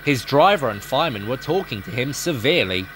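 Expressive male storybook narrator, animated, with a noisy home recording. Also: medium pitch, fairly quick. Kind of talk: storybook reading.

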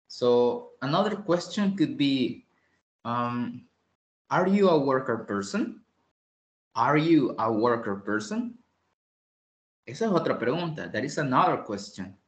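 A man teaches English slowly and patiently over an online class call. He repeats each phrase and switches between English and Spanish. His mid-pitched voice rings in a roomy, echoey space. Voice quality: clears throat often. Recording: roomy echo.

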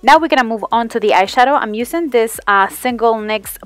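A woman's voice: fairly high pitch, a little fast, no echo, soft background music. Chatty woman narrating a makeup tutorial. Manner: chatty, talks to herself while working. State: tired from filming after midnight. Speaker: beauty vlogger.

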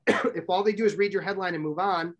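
A middle-aged man presenting a workshop to a live audience, brisk and direct, often asking the audience questions. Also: sits high, steady tone, dull audio.

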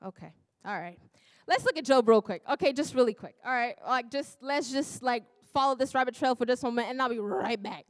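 A woman's voice: on the high side, brisk, few pauses, no room sound. A woman preacher delivering a sermon in a church, often laughing, breaking off and exclaiming to herself. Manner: laughing, self-interrupting, exclamatory.

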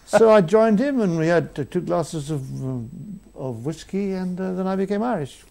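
An older man's voice sits high, with some vocal fry and a slightly mellow quality, and he speaks in an animated but unhurried way. He's a guest in a conversational interview, telling rambling anecdotes that poke fun at himself. The audio comes from an archive broadcast.

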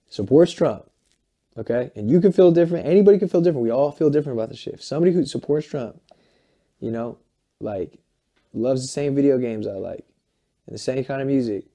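A man in his late twenties, a musician being interviewed, talking in an animated, rambling, profane way and acting out what other people say. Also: mid-range voice. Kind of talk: candid interview talk.

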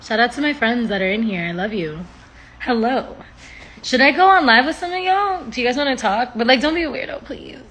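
A woman's voice: a little high, lively intonation, a little fast, fairly bright tone, slight background noise. A woman chatting casually on a phone livestream from home, rambling, swearing freely and laughing often.

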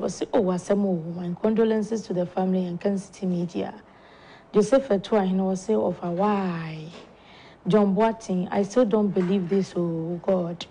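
A Ghanaian woman hosting a talk show, slowly and softly reading out viewer condolence messages in a studio. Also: medium pitch, rough recording. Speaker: show host. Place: broadcast studio.

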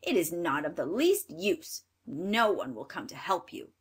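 A woman's voice: lowish voice, wildly swooping pitch, measured pace, slightly rough, full character voice. A woman reading a storybook aloud and voicing a cruel, sneering old witch with a harsh, scolding manner.

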